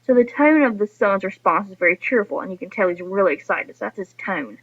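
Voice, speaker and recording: A woman's voice: medium pitch, lively intonation, a little fast, husky. A woman teacher giving a recorded lesson to her students, explaining patiently and speaking to them directly. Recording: dull lo-fi recording.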